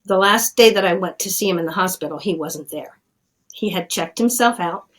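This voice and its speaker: A middle-aged woman who is an addiction scientist tells her story as an interview guest, in plainspoken, earnest conversational storytelling. Her voice is lowish and a bit bright, she talks fairly quickly, and the recording is rough.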